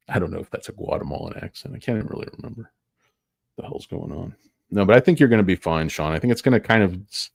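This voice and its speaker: A middle-aged man hosting a rambling stock market stream, full of crude jokes, tangents and sudden loud bursts. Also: low voice, normal speed, creaky, no echo, studio quality. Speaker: stock market livestream host. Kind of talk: rambling casual market commentary.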